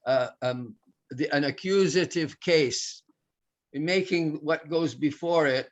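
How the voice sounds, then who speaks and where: Guy teaching a language class, explains slow and patient, kinda muffled audio. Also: a little high. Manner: patient, explanatory, with filler restarts. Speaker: Sanskrit teacher. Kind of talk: online class, explaining grammar.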